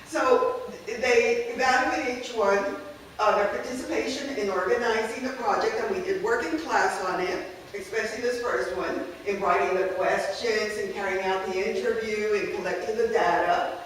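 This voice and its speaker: Speaking at a moderate pace and medium pitch, a female language teacher leads a workshop about classroom activities in a chatty style, often pausing to check with listeners. The room echoes, her voice comes from afar, and there's a little background noise.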